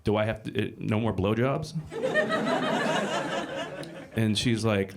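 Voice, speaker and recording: A middle-aged man doing a live stand-up set in a small comedy club, talking with bursts of loud emphasis. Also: fairly low pitch, steady tone, takes it slowly, heavy background noise. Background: audience laughter.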